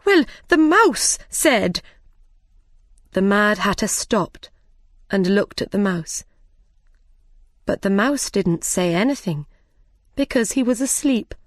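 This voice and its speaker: A woman narrating a simple story slowly and clearly for language learners. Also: mid-range voice, no echo, studio quality. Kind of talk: slow graded-reader narration.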